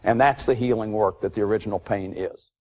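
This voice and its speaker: A man's voice: fairly low pitch, fairly quick, a little mellow. A man lecturing on addiction and recovery, emphatic and repeating his key phrases.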